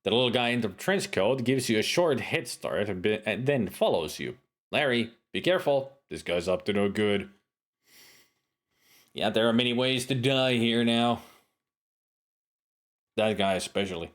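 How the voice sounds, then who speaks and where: Man playing an old adventure game, wry asides, reads the text aloud, lively pitch. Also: normal speed, long pauses. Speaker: let's play streamer. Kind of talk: casual game commentary and narration.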